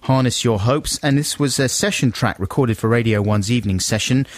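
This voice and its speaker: A man's voice: mid-range voice, brisk, dry recording, studio quality. A man co-hosting a radio show, introducing tracks and joking around with his partner. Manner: lively, joking, slips into silly voices. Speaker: radio co-host. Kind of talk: casual radio banter.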